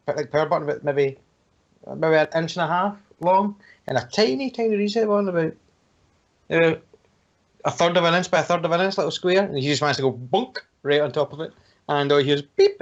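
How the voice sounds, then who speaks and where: A man with a fairly high voice, chatting loosely as a podcast co-host and breaking into laughter between his rambling stories. He talks into a home computer mic on an online call, and the sound comes through dull and lo-fi. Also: brisk. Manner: laughs often, rambling and jokey. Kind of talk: casual chat. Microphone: home computer microphone on an online call. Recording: muffled lo-fi call audio.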